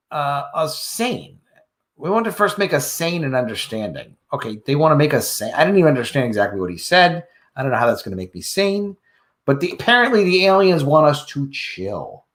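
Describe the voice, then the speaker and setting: Lively, joking male commentator. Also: fairly high pitch. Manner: joking, sarcastic asides. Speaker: YouTube commentator. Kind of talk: casual news commentary.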